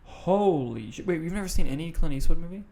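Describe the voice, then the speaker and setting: On a movie podcast, a male co-host with a fairly high, warm voice and some vocal fry talks a little fast and expressively. His casual chat is enthusiastic and loose, peppered with swearing and fillers.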